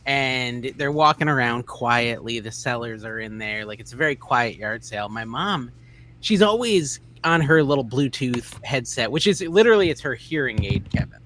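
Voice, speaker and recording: A man telling a funny story in casual podcast chat over a video call. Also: moderate pace. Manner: animated, mimics his mother in a loud high voice. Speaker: podcast co-host.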